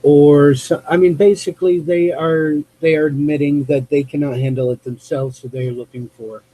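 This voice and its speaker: A man from the US West Coast hosting a live call-in show, talking off the cuff in a rambling, halting way as he searches for words. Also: a little high, level tone, mellow, poor audio. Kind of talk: unscripted monologue to chat viewers.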